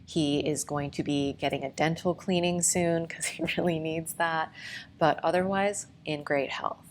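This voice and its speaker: A low-voiced woman narrates her vlog in a gentle, relaxed voice-over. A faint noise sits under her voice. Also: measured pace. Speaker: vlogger.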